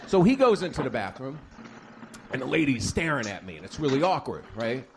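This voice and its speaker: A man's voice: mid-range voice, big pitch swings, fairly quick, creaky, noisy background. Man telling crude stand-up stories. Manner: storytelling, crude, acts out stutters. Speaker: stand-up comedian. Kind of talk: stand-up comedy set. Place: comedy club stage.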